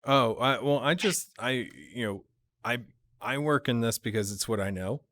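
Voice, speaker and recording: A man's voice: medium pitch, moderate pace, a bit bright, no room sound. A man hosting a casual chat, talking hesitantly with many fillers and restarts. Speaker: show host.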